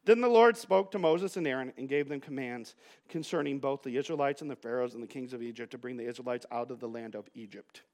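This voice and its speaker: A man's voice: medium pitch, fast, darkish tone. A male pastor giving a sermon in a conversational, joking way, telling playful stories to his congregation.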